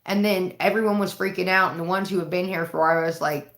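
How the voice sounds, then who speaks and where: A woman's voice: on the low side, fairly even intonation, quick pace, a bit bright, reverberant. A woman chatting casually on a livestream from home, rambling and swearing freely. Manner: profane, rambling storytelling. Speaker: live streamer.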